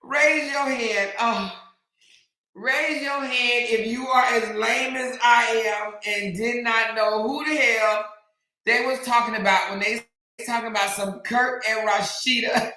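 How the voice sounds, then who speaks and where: A woman's voice: a little high, a little slow, bright, forceful tone. A woman hosting a livestream, reading chat to her viewers in slang and laughing so hard she is in tears and keeps breaking off mid-sentence. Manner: talks straight to her viewers with lots of slang. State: crying with laughter. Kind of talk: casual chat. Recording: very echoey room.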